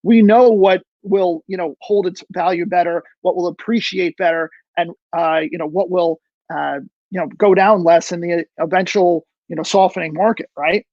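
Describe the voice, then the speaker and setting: A man's voice: high-pitched, fairly even intonation, normal speed, no echo, lo-fi sound. A man hosting an interview show, easygoing and loose, with many fillers as he asks his guest questions. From New York. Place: video call.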